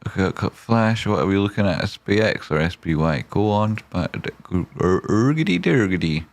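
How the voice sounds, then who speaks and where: A man hosting a live trading stream, reading viewer messages aloud with excitable swearing and silly wordplay. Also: sits low, moderate pace, creaky. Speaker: trading livestream host.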